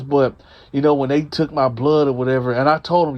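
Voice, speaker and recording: A man's voice: mid-range voice, fairly even intonation, brisk, muffled recording. Profane, emphatic male storyteller. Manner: profane, emphatic, addresses listeners as y'all. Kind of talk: casual storytelling to an audience.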